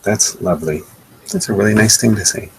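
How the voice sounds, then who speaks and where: A man with a very deep, gravelly voice presents a live webcast slideshow. His tone is husky and rough, and his delivery is indignant and sarcastic, with frequent repeats. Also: a little fast, no room sound, rough recording.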